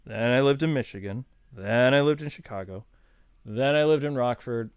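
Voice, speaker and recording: A man's voice: mid-range voice, moderate pace, clean tone, no room sound, clean studio sound. A man in his thirties from New York, hosting a casual live stream and chatting in a rambling, self-deprecating, jokey way. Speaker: streamer host.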